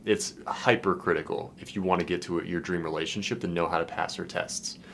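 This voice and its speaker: Deep-voiced, slangy young male dating coach. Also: fairly quick, creaky, slight background noise. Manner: excited and slangy, swears, lots of "like" and "dude". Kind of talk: casual vlog, reacting to a client's messages.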